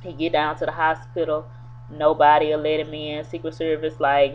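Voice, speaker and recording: Low-voiced woman rambling through a recap. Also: flat delivery, brisk. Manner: rambling, loose retelling with many fillers. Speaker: TV episode reviewer. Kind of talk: casual spoken episode recap. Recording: tinny phone-like sound with faint hum.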